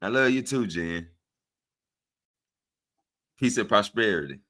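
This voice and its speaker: A man with a Southern US accent hosting a casual livestream, speaking to his viewers in an animated, preachy way and often checking in with them. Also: on the low side, takes it slowly. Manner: animated and preachy, often asks "right?" of listeners. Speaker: livestream host. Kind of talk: casual livestream talk to chat.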